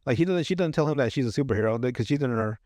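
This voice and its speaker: A podcast host casually recaps a TV episode, racing along in a medium-pitched, darkish voice with lively intonation, rambling through many fillers and restarts and laughing often. The sound is clean studio audio with no room sound.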